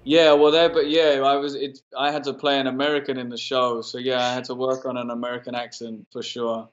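British male actor, relaxed interview guest, flat delivery, muffled lo-fi recording. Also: mid-range voice, a little fast. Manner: easygoing, loose, with many fillers. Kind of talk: casual interview chat.

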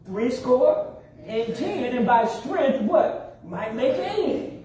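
A man's voice: extremely high pitch, sing-song, crowd noise. Preacher guy doing call and response, mic pretty far off, big churchy echo. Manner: call-and-response, drawn-out emphasis. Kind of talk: sermon. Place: church sanctuary. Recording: very echoey hall, distant mic.

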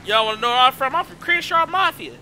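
A man streaming live, chatting casually and excitedly, shouting out his viewers in heavy slang. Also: extremely high pitch, quick pace, a little hiss or hum.

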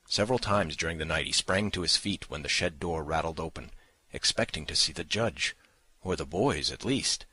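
Male audiobook narrator, very deep, forceful, dry studio sound. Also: no room sound. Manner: measured, dramatic reading. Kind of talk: scripted narration.

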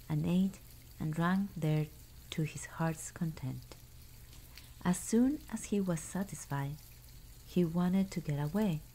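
Woman storyteller, soft ASMR bedtime reading, warm low voice. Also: a little hiss or hum, low-quality recording. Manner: soft, hushed, unhurried.

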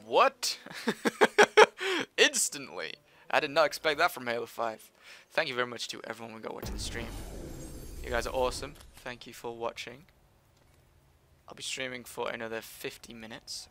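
A man streaming a video game live, chatting with viewers and teammates and breaking into loud, excited exclamations. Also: mid-range voice, fairly quick. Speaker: livestreamer. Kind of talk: live gameplay commentary. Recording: game gunfire under voice. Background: video game gunfire and effects.

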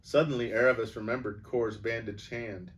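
A man reading a children's book aloud as a storyteller, in a calm, measured way. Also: mid-range voice. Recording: voice from a distance.

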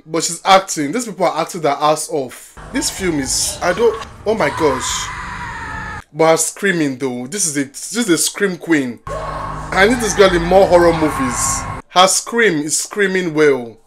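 Woman yelling at a movie on screen. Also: low voice, animated, a little slow, over music. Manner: exclaims and yells at the characters on screen; talks back to the film with slangy asides. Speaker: movie reaction host. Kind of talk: first-time movie reaction.

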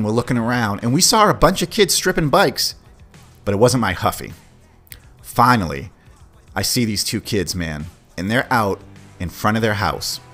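A middle-aged man, hosting a podcast and telling a story from his childhood in a casual, animated way, swearing freely. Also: medium pitch. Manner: animated, swears, acts out quoted voices. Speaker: podcast host. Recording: faint music behind.

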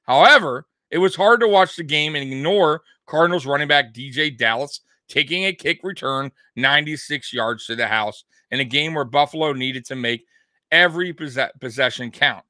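A young man hosting a fan sports show, talking casually and ranting in an animated way, swearing now and then. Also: a little high, normal speed, dry recording, clean studio sound. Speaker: sports podcast host.

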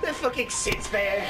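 A gameplay commentator talking loudly and jokingly, swearing often and shouting out names. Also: high voice.

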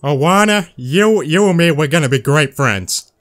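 A man's voice: fairly high pitch, animated, normal speed, a bit bright. A man with an Australian accent doing a goofy, chummy impression of a dopey middle-aged cartoon dad in online voice chat.

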